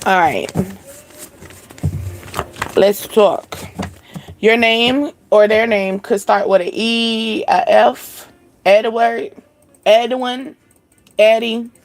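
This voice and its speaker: A woman's voice: fairly high pitch, fairly even intonation, drawn-out words, long pauses, faint music behind. A young woman hosting a spiritual channel, giving a casual live-stream reading in a chatty, laid-back way with frequent laughter.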